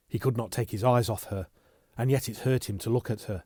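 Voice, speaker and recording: A man reading an audiobook in a steady, measured narration. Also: medium pitch, no room sound, clean studio sound. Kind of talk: scripted narration.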